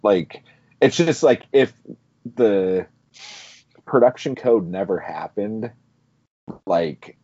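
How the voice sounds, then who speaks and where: A man's voice: fairly low pitch, animated, takes it slowly, pauses often, warm tone, slightly rough, no echo. A man co-hosting a casual film podcast, recapping a movie in a rambling way with lots of "like" and swearing. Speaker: podcast co-host. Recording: dull dry lo-fi audio.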